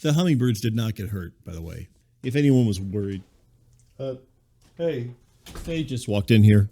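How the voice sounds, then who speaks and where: A man's voice: mid-range voice, lively intonation, moderate pace, dark tone. Wry rambling male podcast host. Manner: rambling, wry, incredulous digressions. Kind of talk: scripted comedic monologue.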